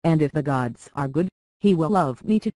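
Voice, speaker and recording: A reader voicing a gentle young highborn lady. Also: expressive, moderate pace, no echo, lightly acted, low-quality recording. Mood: soothing. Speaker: lady tending a young lord. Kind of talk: audiobook character reading.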